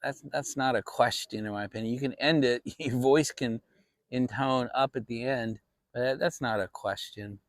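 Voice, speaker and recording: A man's voice: mid-range voice, normal speed, no echo, clean studio sound. A man hosting a casual fireside chat vlog, talking in a rambling, reflective way with many restarts. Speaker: channel host.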